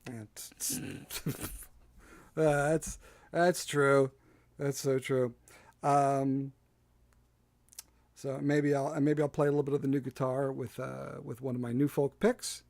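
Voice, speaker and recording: A man's voice: mid-range voice, little pitch movement, takes it slowly, gravelly, pauses often, a little mellow, dry recording. A man with a Delaware County Philadelphia accent, hosting a casual solo livestream from his home porch setup, rambling and self-deprecating with many fillers. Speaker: host. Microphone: desk microphone.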